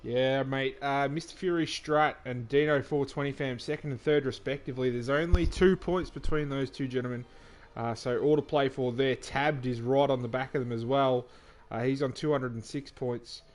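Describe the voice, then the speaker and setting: A man with an Australian accent doing relaxed live commentary on a sim racing league, trading dry banter and reading out standings with plenty of fillers. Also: mid-range voice, moderate pace.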